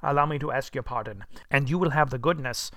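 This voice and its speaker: A man's voice: mid-range voice, quick pace, fairly bright tone, no echo, clean studio sound, lightly acted. A man reading an audiobook voices an elderly miser, newly joyful, who speaks with eager, breathless delight. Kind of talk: audiobook character voice.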